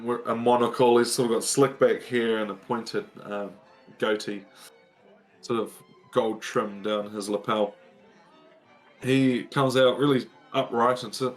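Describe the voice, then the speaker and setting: A man narrating a tabletop game as game master, pausing often with ums. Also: medium pitch. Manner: hesitant, many ums.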